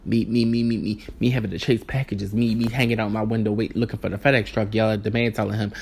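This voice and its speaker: A man's voice: lowish voice, quick pace, gravelly, hardly any pauses, husky. A man telling a rambling, exasperated story in a casual vlog, acting out the people in it. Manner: animated, exasperated storytelling with voiced asides. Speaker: vlogger.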